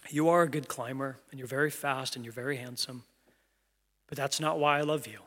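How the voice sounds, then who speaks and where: Gentle dad squirrel, voiced by a preacher, quiet, steady, bright tone, echo. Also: male voice, mid-range voice, a little fast, natural voice. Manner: soft, steady, reassuring. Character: calm, gentle father squirrel.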